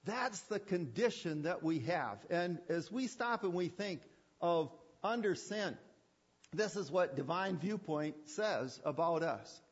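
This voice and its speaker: A man's voice: fairly high pitch, breathy edge. A man preaching a sermon with emphatic repetition and rhetorical questions. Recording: dull lo-fi sermon recording.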